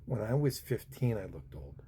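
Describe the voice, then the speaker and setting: Fifties guy rambling thru a story, low mellow voice, faint hiss behind. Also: big pitch swings, normal speed. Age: 50s. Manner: rambling, with many fillers and restarts. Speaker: vlogger. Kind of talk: casual storytelling.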